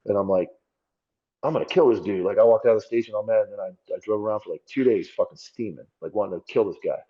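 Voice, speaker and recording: Male ex-cop guest, deep raspy voice, candid and foul-mouthed, dull lo-fi sound. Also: very fast, warm tone. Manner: blunt, profane and self-critical. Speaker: podcast guest, former police officer. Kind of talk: candid conversational storytelling.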